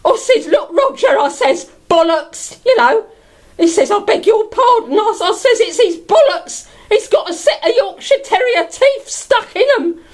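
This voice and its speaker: Woman doing a bawdy bag lady, very high voice, giggly, rambling, sing-song. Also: lively intonation, normal speed. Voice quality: giggly, often laughing through her words. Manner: bawdy, gossipy, rambling with lots of fillers. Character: bawdy homeless London bag lady, cheeky and chatty. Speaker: comedy character monologue. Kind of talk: character stand-up storytelling.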